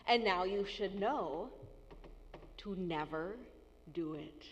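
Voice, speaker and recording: A woman pastor giving a sermon in a church, speaking slowly and deliberately. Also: lowish voice, dull audio, slight background noise. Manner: slow, deliberate preaching with acted-out tones. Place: church sanctuary. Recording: long church reverb.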